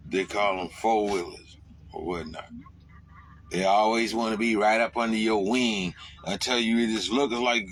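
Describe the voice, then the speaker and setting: With a little hiss or hum behind him, a man with a lowish voice speaks at normal speed. He's a trucker ranting to camera, profane and lively, suddenly yelling at times.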